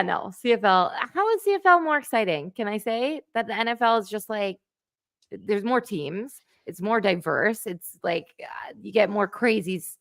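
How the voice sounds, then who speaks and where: A woman's voice: medium pitch, vocal fry, fairly bright tone, no echo, clean studio sound. A woman, chatting on a livestream, enthusiastic and talkative, laughing often. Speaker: guest co-host. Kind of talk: livestream chat.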